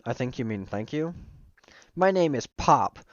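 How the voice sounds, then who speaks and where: Goofy slow-witted young male student, voiced by a man, dopey and higher than his own voice, dry and a bit muffled. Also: very animated, dry recording.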